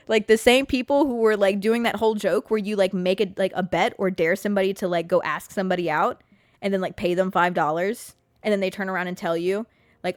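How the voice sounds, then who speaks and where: A woman's voice: medium pitch, steady tone, fast, dry recording, studio quality. A young woman, hosting a solo podcast in a candid, rambling, casual way, full of "like" and the odd swear word. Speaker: podcast host.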